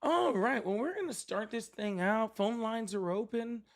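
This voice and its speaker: A man's voice: high voice, moderate pace. A man hosting a political livestream from his seat at home, talking in a profane, sardonic, rambling way. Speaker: livestream political show host. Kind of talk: casual live-stream talk. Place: at home, seated.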